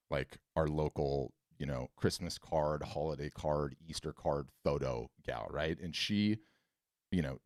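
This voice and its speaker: A man hosting a live webinar Q&A, who answers questions bluntly and tells animated, emphatic stories. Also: deep voice, no echo, clean studio sound.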